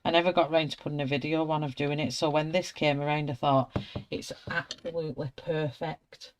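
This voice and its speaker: A woman's voice: low voice, fairly even intonation, brisk, a little hiss or hum. Brief: chatty woman, broad Wigan accent, live art tutorial host. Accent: Wigan, Lancashire. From Wigan, England. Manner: chatty, laughs often, greets viewers by name. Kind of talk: live colouring tutorial chat.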